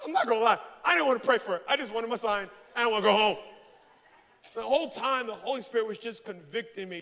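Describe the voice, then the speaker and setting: A man's voice: very high-pitched, expressive, quick pace, creaky, fairly bright tone. A man preaching a sermon, telling a story with self-mocking humor and acting out voices. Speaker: pastor. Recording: long hall reverb.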